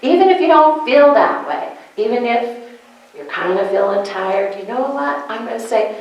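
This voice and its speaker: A woman's voice: on the high side, animated, moderate pace. A woman minister giving a sermon-style lesson to a congregation, asking questions of her listeners and repeating key phrases with emphasis. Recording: echoey room.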